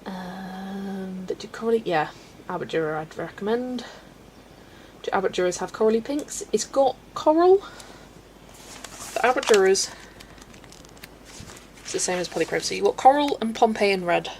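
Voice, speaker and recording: A woman's voice: medium pitch, lively intonation, moderate pace, pauses often, darkish tone, poor audio. Young woman chatting on a colouring stream, laughs a lot, faint hiss behind. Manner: chatty, answers chat while colouring, laughs often. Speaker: colouring livestreamer. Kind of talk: casual livestream chat. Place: home room.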